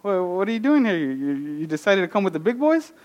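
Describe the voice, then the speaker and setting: A man's voice: high voice, sing-song, quick pace, a little mellow, voice pushed up. A man voicing mocking older brothers who tease their youngest sibling. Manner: mocking, teasing.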